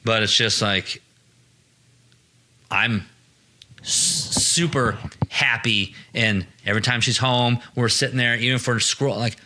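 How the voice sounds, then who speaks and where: A man in his thirties hosts a casual podcast chat, rambling from story to story and swearing as he goes. His voice is bright and forward. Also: mid-range voice, steady tone, measured pace, long pauses, slight background noise. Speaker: podcast host.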